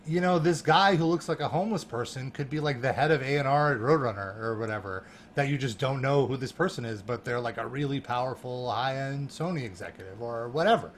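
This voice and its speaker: A man telling a story in a casual chat, animated and laughing, full of fillers and restarts. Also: medium pitch, a little fast, hardly any pauses, a little hiss or hum. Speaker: guest.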